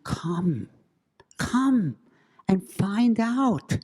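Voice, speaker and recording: A man voicing an eerie, insistent woman visitor with a put-on Middle European accent, beckoning slowly. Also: high voice, sing-song, a little mellow, slightly rough, voice pushed up, exaggerated voice. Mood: coaxing.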